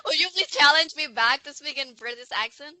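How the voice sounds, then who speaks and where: A woman with a bright, somewhat high voice co-hosts a casual podcast chat. She is teasing and playful with her partner. Her voice is recorded close and dry, with no room sound. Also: lively intonation, a little fast, dry recording. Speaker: podcast co-host.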